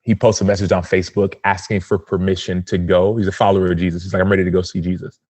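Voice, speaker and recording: Telling a personal story as a podcast guest, a man in his thirties is earnest and animated and acts out the quotations. He speaks fast in a deep voice, with no echo on the recording.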